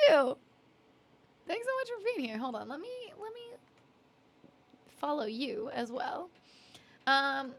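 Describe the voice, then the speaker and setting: A woman's voice: high-pitched, lively intonation, moderate pace, pauses often, fairly bright tone. A young woman from Canada chatting casually with viewers on her live stream, giggly and apologetic with lots of fillers. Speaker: streamer and singer-songwriter.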